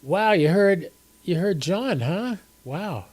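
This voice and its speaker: Seated on camera in a room at home, an older man chats casually with viewers on his ham radio livestream. He speaks slowly in a high, expressive, slightly mellow voice, a bit stuffy from a cold, rambling as he goes.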